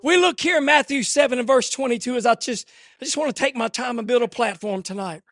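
High-voiced preacher building to shouts. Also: male voice, quick pace, no echo, studio quality. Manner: rising to emphatic shouts, then dropping low. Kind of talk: sermon. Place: church.

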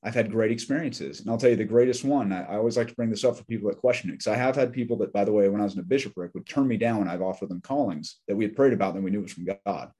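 A man's voice: on the low side, very fast, hardly any pauses, warm tone, breathy edge. A middle-aged man telling candid, joking stories as a podcast guest. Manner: candid and joking, with wry asides. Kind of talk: casual conversational storytelling.

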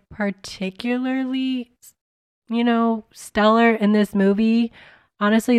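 A woman talks through a casual film review in a blunt, chatty way, packing her sentences with filler words. Her voice is smooth and resonant, and the recording is dry and close with no room sound. She sits at a middling pitch for a woman. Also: no room sound. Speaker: movie reviewer.

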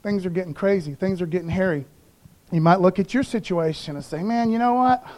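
A man's voice: sits high, fairly quick, a little mellow. A man pastor preaching a conversational sermon in slangy everyday talk, calling for responses from the congregation.

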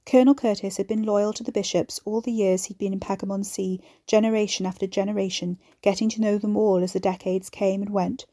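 A woman reads a chapter of a serialized story aloud at a steady, measured pace. Her voice is mellow and relaxed. The recording is dry and close. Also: medium pitch, no room sound. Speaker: narrator. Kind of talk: audiobook narration of a serialized story.

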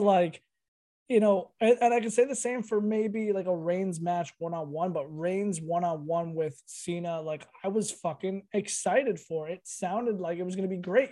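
A man's voice: high-pitched, mellow. A man co-hosting a podcast, rambling and swearing through casual chat, laughing often. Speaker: podcast co-host.

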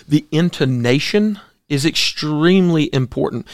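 A man's voice: on the high side, lively intonation, unhurried, no room sound. Emphatic pastor man, dry close sound. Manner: opinionated, emphatic, rhetorical questions. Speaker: co-host, pastor. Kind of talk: casual talk show commentary.

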